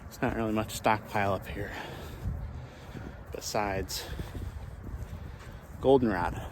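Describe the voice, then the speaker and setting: A small farmer who hosts his own channel walks outdoors across his pasture, talking casually and thinking aloud with many restarts. His voice is on the low side and he takes his time. Background noise is audible.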